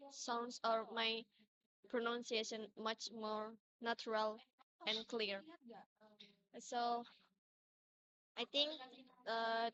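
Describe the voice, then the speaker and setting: A woman's voice: a little high, bright, forceful tone, poor audio. A young female student hesitantly talking about improving her pronunciation. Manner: hesitant, with fillers and self-corrections. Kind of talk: self-assessment talk.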